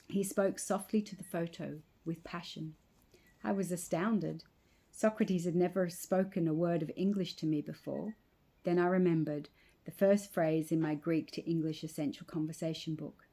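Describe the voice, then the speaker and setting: Low, mellow-voiced woman reading her memoir. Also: steady tone, moderate pace. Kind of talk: first-person story reading.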